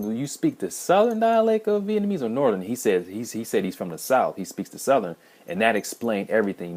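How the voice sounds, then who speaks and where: A man hosting a language-learning video, talking casually to camera in a rambling way with many restarts. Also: fairly low pitch. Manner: rambling, frequent restarts and fillers.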